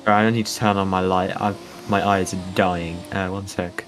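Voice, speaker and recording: A man's voice: low-pitched, flat delivery, normal speed, a little hiss or hum, rough recording. A man, commentating a sim racing stream in a casual, joking manner. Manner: joking, playful, chatty with chat.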